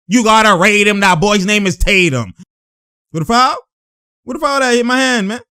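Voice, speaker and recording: A man giving loud, laughing, slangy commentary as he reacts to game footage. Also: high voice, very animated, measured pace, dry recording, clean studio sound. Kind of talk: excited live reaction commentary.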